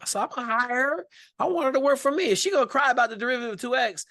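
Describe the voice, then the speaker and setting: A man as a podcast guest, telling stories in a colloquial, emphatic, animated way. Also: very high-pitched, very fast, no echo, clean studio sound. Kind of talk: casual storytelling interview.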